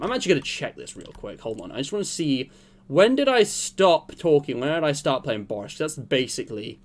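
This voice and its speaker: A young man streaming a game, chatting casually and rambling in a jokey way to his viewers. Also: fairly high pitch. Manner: rambling, jokey, talks to chat while playing. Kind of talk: casual gameplay chat.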